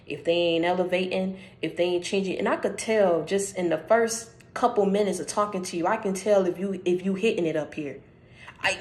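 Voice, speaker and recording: A woman hosting her channel, giving a casual spiritual message in an emphatic, conversational way, repeating phrases for stress and speaking straight to the listener. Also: lowish voice. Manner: conversational, addresses listener directly.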